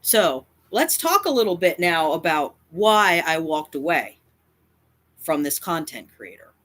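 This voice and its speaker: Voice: medium pitch, very animated, measured pace, a bit bright. A YouTuber speaking straight to camera in a confrontational rant, defiant and emphatic, often repeating lines for effect. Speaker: cat advocacy YouTuber.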